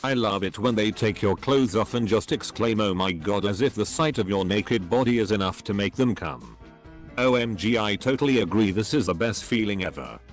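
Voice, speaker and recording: A man's voice: lowish voice, expressive, normal speed, soft background music. A man reading online posts aloud as narrator, spelling out abbreviations letter by letter.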